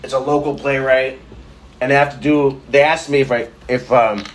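A man's voice: mid-range voice, fairly even intonation, normal speed, slight background noise. A man chatting casually on a podcast, rambling and self-deprecating, laughing often. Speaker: podcast host. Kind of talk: casual chat.

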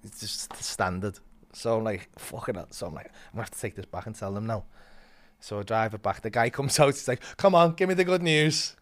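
A man's voice: lowish voice, brisk. A young man tells a comic story on a podcast. He swears freely and laughs as he goes. He acts out the voices of the people in it. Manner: animated, swearing, laughing, acting out other voices.

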